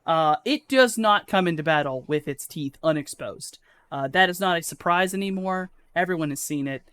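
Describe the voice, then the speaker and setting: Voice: mid-range voice, animated, normal speed, a bit bright, smooth, dry recording. A game master narrating a live tabletop game in a casual, swearing, filler-heavy way.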